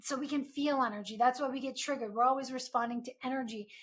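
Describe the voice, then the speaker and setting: A woman's voice: sits high, quick pace. A woman hosting an advice podcast, talking earnestly in a coaching tone with frequent rhetorical asides. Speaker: podcast host.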